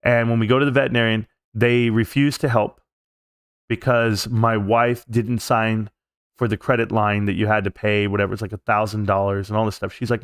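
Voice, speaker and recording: A middle-aged man hosting a live stream, telling a personal story in a casual, rambling way and getting animated at the tense parts. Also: fairly quick, smooth, no room sound, clean studio sound. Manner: animated, jumps up in pitch when reliving tense moments.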